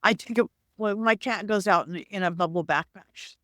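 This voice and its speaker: A woman hosting a podcast, chatting in a loose, animated way with her guest. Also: mid-range voice, normal speed, no room sound, clean studio sound. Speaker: podcast host. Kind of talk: casual interview conversation.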